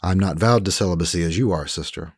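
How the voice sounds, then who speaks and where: Man as a terse young mercenary knight, low and husky, quiet. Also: fast talker, no room sound, studio quality.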